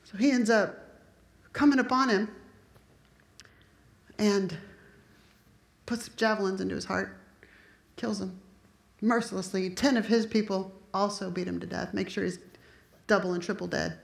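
A woman preaching a sermon, retelling a Bible story in an animated way and acting out the characters' lines. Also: mid-range voice, unhurried, vocal fry, long pauses. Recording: echoey room.

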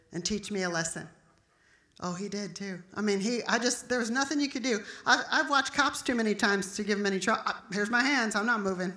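A woman's voice: medium pitch, pushed and bright, echoey room. A middle-aged woman pastor preaching an emphatic, storytelling sermon.

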